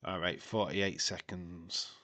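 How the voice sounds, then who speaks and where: Slow-talking man joking through a stream. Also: sits low, flat delivery, bright, forceful tone. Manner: chatty and jokey, laughing at his own puns. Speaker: livestream host. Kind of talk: casual watch-along commentary.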